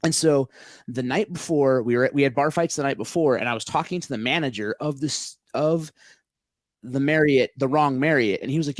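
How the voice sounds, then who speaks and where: A man's voice: mid-range voice, fairly quick, dry recording, clean studio sound. A man telling a long story in a casual podcast chat, rambling with lots of filler words and swearing freely. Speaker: podcast guest, local event organizer.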